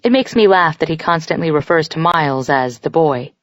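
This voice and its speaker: Low-voiced woman narrating a novel. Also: lively intonation, a little fast, no echo, highs cut off. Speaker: audiobook narrator. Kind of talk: first-person audiobook narration.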